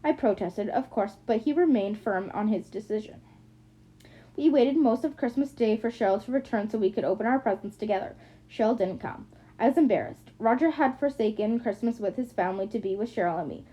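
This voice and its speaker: Woman, amateur first-person audiobook reader, frequent restarts, slightly high voice, lo-fi sound. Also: brisk, dark tone. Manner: plain reading with frequent restarts. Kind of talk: first-person novel narration, amateur reading. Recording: muffled lo-fi recording.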